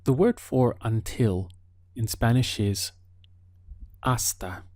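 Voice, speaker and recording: Slow, patient man teaching a language. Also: medium pitch, a little mellow, dry recording. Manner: slow, patient prompting with pauses for the learner. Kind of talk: audio language lesson.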